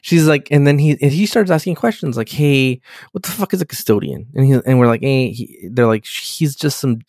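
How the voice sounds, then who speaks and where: A man's voice: medium pitch, animated, fairly quick, darkish tone, dry recording, studio quality. A man in casual podcast chat, swearing a lot and acting out characters in put-on voices as he recaps a show. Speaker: podcast co-host.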